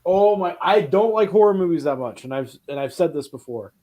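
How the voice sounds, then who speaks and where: A man hosting a casual film podcast, talking in an animated way with quick asides and a lot of swearing. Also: a little high. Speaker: podcast host.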